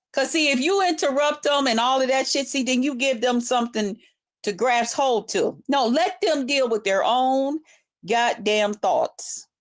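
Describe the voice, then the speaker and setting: A woman vlogger delivering a confrontational, heavily profane monologue, repeating herself for emphasis. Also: sits high. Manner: profane, confrontational, heavy swearing; repetitive, emphatic. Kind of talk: casual ranting monologue.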